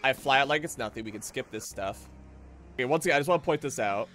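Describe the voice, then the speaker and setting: Excitable man swearing through gameplay. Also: medium pitch, fast talker, soft background music. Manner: excitable, profane, joking. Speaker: streamer. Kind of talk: casual gameplay commentary.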